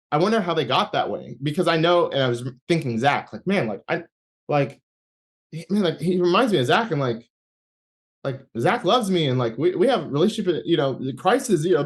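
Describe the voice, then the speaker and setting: A young man giving an interview, telling a personal faith story in a casual, halting way full of fillers, restarts and acted-out inner dialogue. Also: a little high. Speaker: interview guest. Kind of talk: personal testimony in casual conversation.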